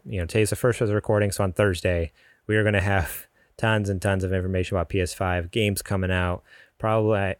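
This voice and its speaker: A man's voice: on the low side, no room sound. A man co-hosting a podcast from his garage, talking in a loose, joking way full of fillers. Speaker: podcast co-host. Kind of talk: casual podcast chat. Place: home garage with the door open.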